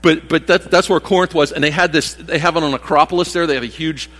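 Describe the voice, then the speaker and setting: A man's voice: a little high, fairly even intonation, fast, a bit bright. A man in his sixties, a pastor giving a rambling, folksy sermon full of restarts and asides. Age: 60s. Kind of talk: conversational sermon. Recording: long reverb of a church hall.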